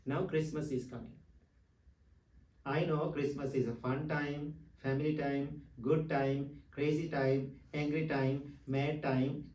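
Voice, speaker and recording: A man's voice: on the high side, little pitch movement, slow pace, darkish tone. A man from Sri Lanka, a Buddhist monk giving a dharma talk full of stories, playful and teasing as he questions his listeners. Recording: echoey room, far from mic.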